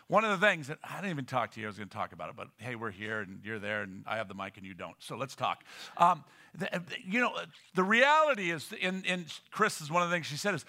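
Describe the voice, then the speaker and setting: A middle-aged man preaching a sermon as a pastor, swinging from loud emphatic lines to hushed, almost whispered ones and often repeating words as he builds. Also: mid-range voice, very animated, fast talker.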